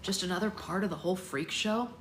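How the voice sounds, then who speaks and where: A woman's voice: lowish voice, quick pace, reverberant, heavy background noise, close to an everyday voice. A woman reading a novel aloud, voicing a good-humored young man in a light, friendly way close to her own voice.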